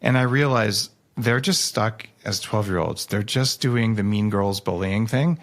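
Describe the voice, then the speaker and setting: Animated man telling stories on a podcast. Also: measured pace. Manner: animated, jokey storytelling with sudden pitch jumps. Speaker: guest author. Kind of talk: casual podcast conversation.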